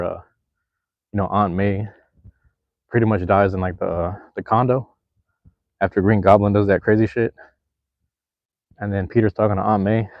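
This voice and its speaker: A young man hosts a live stream, chatting loosely with his viewers in a slangy, rambling way. His voice sits low, and the sound is dry and close. The stream audio is a little dull and lo-fi. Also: no room sound. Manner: laid-back, slangy, rambling. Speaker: livestream host. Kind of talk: casual live chat with viewers.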